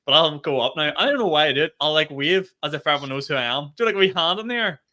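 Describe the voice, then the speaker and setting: A young man co-hosting a comedy podcast, telling animated stories in casual chat and swearing freely. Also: fairly high pitch, very fast.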